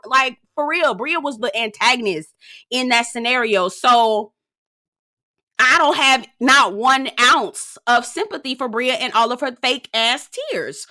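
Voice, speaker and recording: Sassy, bright-voiced woman recapping reality TV. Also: high voice. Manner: sassy, profane, dramatic asides. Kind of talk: casual recap commentary.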